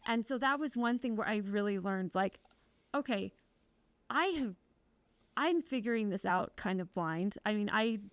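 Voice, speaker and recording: A woman's voice: mid-range voice, expressive, measured pace, dry recording. A woman guest on an interview podcast, telling personal stories candidly and with wry humor. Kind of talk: casual conversational interview.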